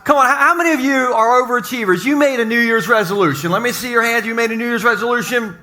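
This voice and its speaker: A man preaching to his congregation in a lively, joking way, speaking in a church basement. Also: very high-pitched, quick pace. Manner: energetic, joking, talks to the congregation. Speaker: pastor. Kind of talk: lively sermon opening.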